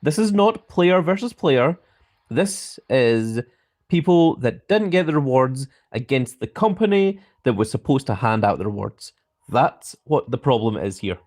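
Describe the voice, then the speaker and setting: A man's voice: medium pitch, lively intonation, measured pace, a little mellow. Scottish guy on a live stream, careful grand way of talking, voice jumps around a lot. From Scotland. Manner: carefully enunciated, grand manner of speaking. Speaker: mobile game live streamer. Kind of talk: live stream chat reading.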